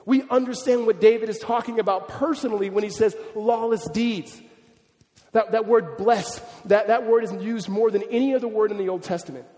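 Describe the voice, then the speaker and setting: A man preaching a sermon in a church, telling a story and acting out the quoted voices, with his delivery dropping to a hush and rising to emphasis. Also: high voice, brisk. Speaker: pastor. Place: church hall. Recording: long hall reverb.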